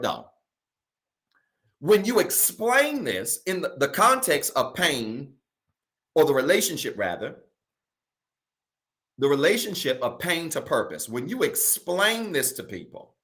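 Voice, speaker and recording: A man's voice: a little high, big pitch swings, unhurried, pauses often, fairly bright tone. A middle-aged man from Virginia, preaching a sermon as pastor. He is emphatic and repeats key lines for his congregation.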